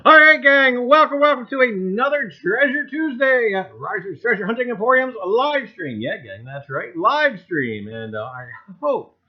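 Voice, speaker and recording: Folksy American man, host of a casual livestream. High, lively voice. Dull lo-fi sound. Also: moderate pace, hardly any pauses. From US Northeast. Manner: folksy, greets viewers by name, repeats "I tell you what".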